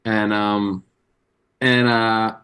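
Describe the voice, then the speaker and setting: A comedian on a podcast, telling rambling, profane anecdotes with plenty of fillers. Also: male voice, lowish voice, level tone, extremely slow, a bit bright, clear, resonant tone. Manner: loose, profane storytelling with many fillers. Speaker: comedian guest.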